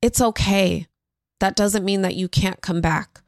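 A woman's voice: medium pitch, measured pace, no room sound, clean studio sound. Earnest woman giving parenting advice. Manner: direct, warmly instructive, addresses listeners as y'all. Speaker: parenting podcast host.

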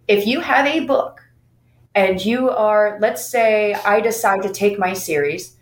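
A woman's voice: mid-range voice, measured pace, echoey room, low-quality recording. A woman co-hosting a podcast about books, giving emphatic, direct advice to fellow authors in casual chat.

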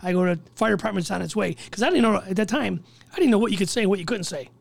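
Gravelly fast-talking man. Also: sits high. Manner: rapid, profane, acts out the people in his story. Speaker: firefighter guest. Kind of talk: casual storytelling on a podcast.

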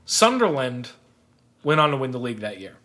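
A man's voice: medium pitch, big pitch swings, a little fast, pushed and bright. A young man co-hosting a podcast, telling a sports story in casual chat, rambling and laughing often. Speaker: podcast co-host.

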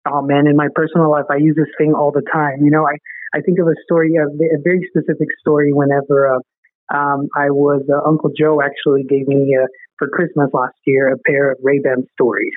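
A man's slightly high, flat voice comes through a tinny phone-like connection without echo as he tells a story as a podcast guest. His earnest, rapid storytelling is sprinkled with frequent "right?" check-ins.

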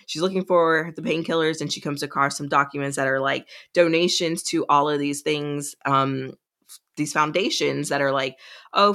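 A woman's voice: deep voice, creaky, a bit bright. A woman co-hosting a podcast, chatting casually as she recaps a novel's plot and acts out the characters' lines. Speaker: podcast co-host.

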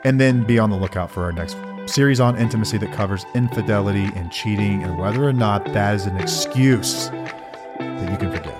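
A man's voice: lowish voice, fairly quick, over music. Earnest middle-aged male podcast co-host. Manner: earnest, reflective, reads listener questions aloud. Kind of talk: casual podcast conversation.

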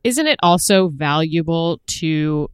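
Teasing podcast co-host, lively voice. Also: medium pitch, slow pace, clean tone, no echo, studio quality. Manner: curious, teasing. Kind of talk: casual interview chat.

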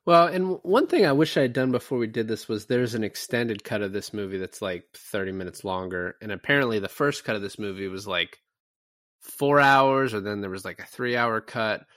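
This podcast co-host has a fairly low voice and talks briskly, recorded in a clean studio with no echo. He chats casually about films and acts out movie lines with animated energy.

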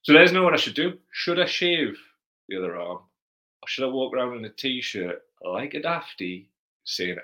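A man's voice: mid-range voice, sing-song, moderate pace, pushed and bright, poor audio. A man with a Geordie accent hosting a casual livestream Q&A, chatty and blunt, swearing freely as he reads out viewer comments. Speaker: livestream host.

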